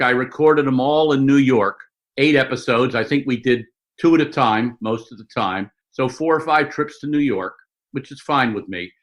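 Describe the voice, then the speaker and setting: Animated older storyteller man. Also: medium pitch, poor audio. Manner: animated storyteller, quick asides and mock voices. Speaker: sportswriter guest. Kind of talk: conversational interview storytelling.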